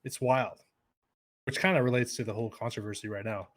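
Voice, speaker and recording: A man's voice: mid-range voice, fairly even intonation, brisk, fairly bright tone. A young adult man, a podcast guest, chatting casually and rambling with many fillers and restarts.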